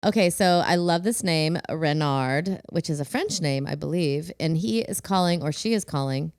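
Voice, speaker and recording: A woman's voice: low voice, normal speed, darkish tone, soft background music. A woman co-hosting a casual podcast, playful and full of questions. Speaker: podcast co-host.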